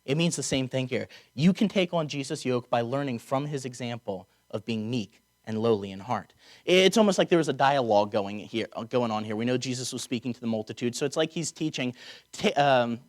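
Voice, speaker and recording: Guy giving a chapel sermon, chatty, drops wry jokes, slows way down on the key words. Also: medium pitch. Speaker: preacher. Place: chapel or auditorium.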